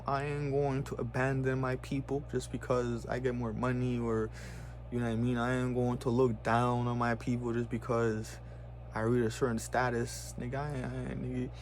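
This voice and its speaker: With a medium-pitched voice and slight background noise, a man rants heatedly on a casual vlog. Profane slang runs throughout, and he keeps repeating "bro" and "you know what I'm saying."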